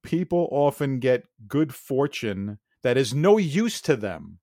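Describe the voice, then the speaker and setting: A man hosts a quiz-style comedy podcast segment, teasing his co-host and laughing easily. His pitch swings widely in animated speech. The recording is close and dry with no room sound. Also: takes it slowly, no room sound. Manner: teasing, laughs often, quizzes the other host. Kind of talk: joking banter.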